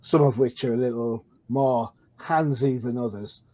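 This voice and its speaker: A man co-hosting a comics podcast in casual chat, relaxed and chatty with asides. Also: mid-range voice, moderate pace, soft background music. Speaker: podcast co-host. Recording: slightly dull lo-fi sound.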